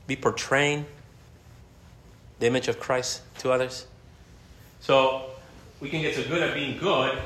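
A man preaching a sermon as pastor, talking in a lively, conversational way and laughing now and then. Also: mid-range voice, reverberant.

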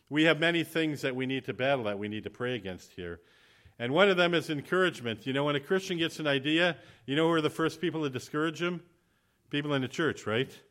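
A man preaching a sermon, telling a lively story and then closing in prayer. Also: medium pitch. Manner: animated, acts out quoted voices; ends in spoken prayer. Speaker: visiting preacher.

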